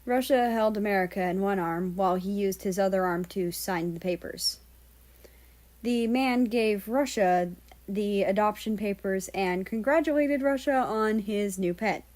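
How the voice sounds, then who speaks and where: A woman narrating a fan-fiction story aloud in a steady, even storytelling delivery. Her voice sits at a middling pitch for a woman, and she reads at a measured pace. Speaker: fan-fiction audiobook reader. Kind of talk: scripted narration.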